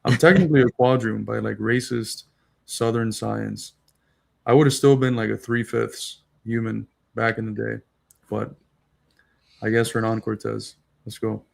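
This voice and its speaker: A man co-hosting a podcast, teasing his friend in jokey, animated political chat. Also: fairly low pitch, measured pace, creaky. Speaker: podcast co-host.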